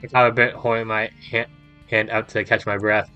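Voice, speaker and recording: A young man reading a visual novel aloud with animated, swearing reactions as a gaming host. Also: fairly low pitch, a little fast, dull audio, soft background music.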